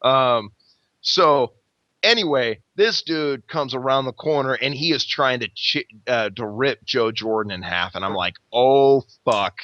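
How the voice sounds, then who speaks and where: A man, a podcast host, telling a long story in casual chat, rambling and swearing constantly with lively energy. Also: mid-range voice, measured pace, dry recording. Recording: dull lo-fi recording.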